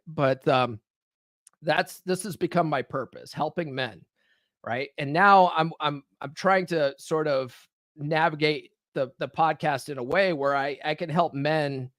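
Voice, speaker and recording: Casual chatty man, higher voice, dry sound. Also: fairly bright tone, no room sound. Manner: loose, repetitive, peppered with "right?". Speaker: podcast host. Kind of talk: casual live-stream monologue. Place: home with dogs nearby.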